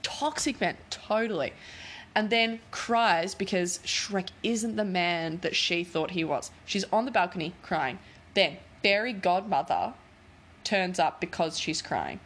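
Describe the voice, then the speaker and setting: A woman's voice: on the low side, lively intonation, a little slow, a bit bright. A woman in casual chat, retelling a film plot in a rambling, giggly way, full of fillers.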